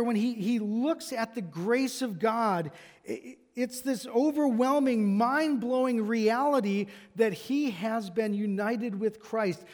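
A man's voice: very high voice, darkish tone. A man preaching a sermon as pastor, emphatic and driving home his points with repeated rhetorical questions. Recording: long reverb of a large hall.

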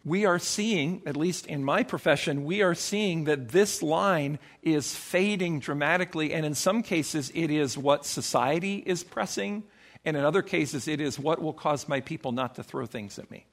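A man preaching a sermon as pastor, emphatic, acting out quoted voices with sudden swings in pitch. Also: moderate pace.

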